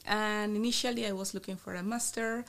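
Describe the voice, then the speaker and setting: A woman in her thirties from Colombia, speaking English with a Colombian Spanish accent, telling stories in a lively, laughing way as an interview guest. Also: mid-range voice, fairly quick. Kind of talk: casual interview chat.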